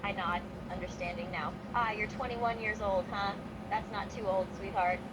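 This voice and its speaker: A woman's voice: mid-range voice, steady tone, normal speed, heavy background noise, natural voice. A synthetic woman's voice playing a playful female wrestler chatbot who narrates her own actions and calls the listener sweetheart. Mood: teasing affectionate.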